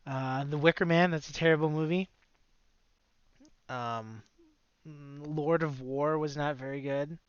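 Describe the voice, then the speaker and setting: A man's voice: on the high side, fairly even intonation, unhurried, pauses often, clean tone, no echo, muffled recording. A man co-hosting a podcast in casual chat, blunt and opinionated, swearing freely and laughing often. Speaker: podcast co-host.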